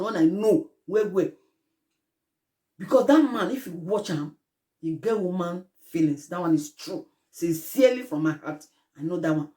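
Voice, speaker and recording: A woman's voice: fairly low pitch, mellow. A woman with a Nigerian accent giving a casual commentary to her viewers, speaking in a Pidgin-mixed, preachy way that grows impassioned. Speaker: vlogger.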